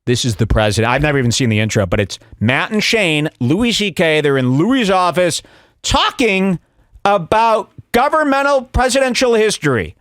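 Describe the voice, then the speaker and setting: A male podcast host giving casual, mocking commentary in a sarcastic, animated way, somewhat out of breath. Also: high voice, moderate pace, no echo, clean studio sound. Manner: sarcastic, animated, breaks into mock voices.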